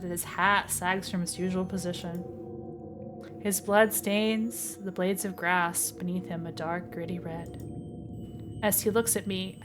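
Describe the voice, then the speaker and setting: A woman streamer reading a visual novel aloud and reacting in a blunt, profane, excitable way. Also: mid-range voice.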